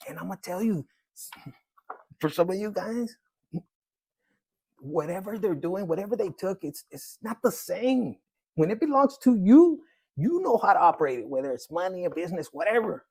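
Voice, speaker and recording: Gravelly high-voiced man reading tarot. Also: normal speed, pauses often, no room sound. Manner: animated, slangy, laughs often, acts out quoted voices. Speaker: tarot reader. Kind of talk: casual tarot reading monologue.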